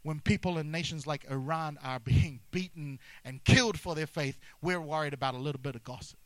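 A man's voice: a little high, brisk, no echo, low-quality recording. A man preaching a sermon as pastor, emphatic, repeating key phrases and mixing humor with intensity.

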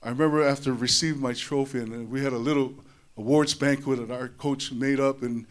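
A man giving a personal testimony to an audience. He talks in an animated way, repeats his words, and drops low and soft in tender moments. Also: fairly quick, smooth. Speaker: speaker sharing a personal testimony. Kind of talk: emotional storytelling speech.

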